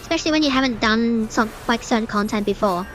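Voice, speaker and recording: A woman's voice: a little high, fast talker, faint music behind. A young woman streamer in casual gameplay commentary, ranting in a chatty way with many fillers. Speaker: gaming streamer.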